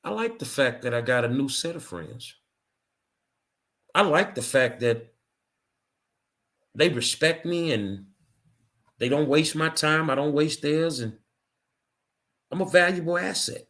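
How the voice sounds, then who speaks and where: A middle-aged man hosts his own show and rants with real anger. He hammers his points home through blunt repetition. His voice sits a little high. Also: expressive, measured pace, long pauses, a bit bright. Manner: angry, ranting, emphatic repetition. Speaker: show host. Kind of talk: impassioned monologue.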